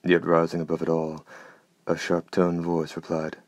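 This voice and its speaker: Very deep, flat-voiced male narrator. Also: normal speed, no echo. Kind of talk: audiobook narration.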